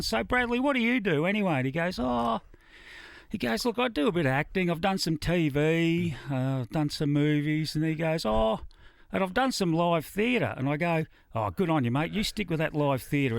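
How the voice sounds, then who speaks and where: Australian man, middle-aged, laconic storyteller, slightly high voice, dry close sound. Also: lively intonation, brisk, creaky, no echo. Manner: laconic, dry yarn-spinning. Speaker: musician guest. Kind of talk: casual radio interview, storytelling.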